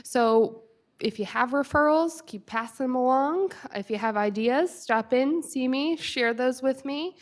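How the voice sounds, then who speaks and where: A woman with a fairly high voice gives upbeat, chatty announcements at a town hall meeting. She talks warmly and informally about staffing news. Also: unhurried. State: out of breath. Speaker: community staff manager.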